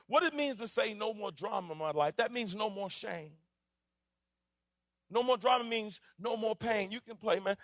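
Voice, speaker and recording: High-voiced preaching pastor in his forties. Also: no room sound, clean studio sound. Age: 40s. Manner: impassioned preaching that builds to shouting, with repetition. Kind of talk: sermon. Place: church.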